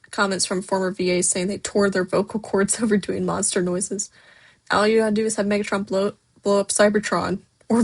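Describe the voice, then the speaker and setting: A woman's voice: mid-range voice, breathy edge. A woman hosting a casual livestream, reading chat messages aloud and answering them in a loose way, with many fillers. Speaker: stop-motion creator hosting a livestream.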